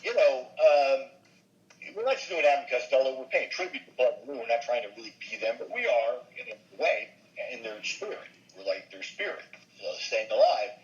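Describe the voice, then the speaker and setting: In an interview, an older comedian and voice actor recounts show-business anecdotes with animation, dropping into character voices now and then. His voice is mid-range and his pace moderate, captured with lo-fi sound.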